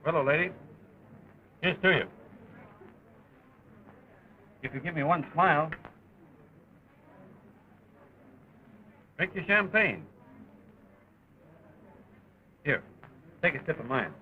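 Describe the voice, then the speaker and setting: An actor in a 1930 film playing a brash young soldier on leave, speaking in a breezy, teasing way with hesitant filler sounds. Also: male voice, on the high side, animated, fairly quick, slight background noise, lightly acted. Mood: jaunty. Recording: muffled early sound-film audio.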